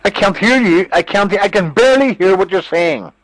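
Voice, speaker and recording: A man's voice: high voice, expressive, moderate pace, dry recording, poor audio. A man in a heated phone argument, scornful, combative and swearing freely. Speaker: phone call participant.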